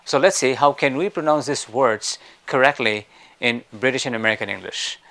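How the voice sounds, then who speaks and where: A man teaching English pronunciation in a spoken lesson, breaking words into slow syllables and having listeners repeat after him. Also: medium pitch. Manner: slow syllable-by-syllable drilling, louder on sounds.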